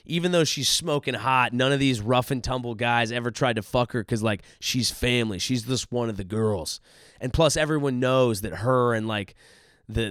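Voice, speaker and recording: A man's voice: mid-range voice, dry recording, clean studio sound. Profane, riffing male comedian. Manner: riffing, profane, animated storytelling. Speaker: comedian host. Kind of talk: comedic monologue. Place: hotel room.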